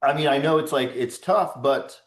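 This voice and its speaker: A man's voice: a little high, normal speed. Laid-back man with a roomy echo. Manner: laid-back, rambling, swears casually. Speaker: host of a sobriety support call. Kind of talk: casual group call chat.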